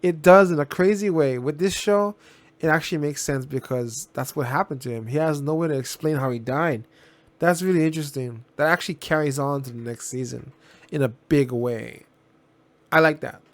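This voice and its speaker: A man's voice: a little high, normal speed. A man talking casually as a reaction video host, rambling, restarting and repeating himself, blunt and given to swearing.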